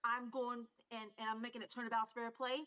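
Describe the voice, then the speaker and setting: A woman with a fairly high voice chats casually while she makes her draft pick. She talks in quick, friendly asides. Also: little pitch movement, sharp tone, clear, resonant tone. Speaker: participant in a draft stream. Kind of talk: casual live-stream chat.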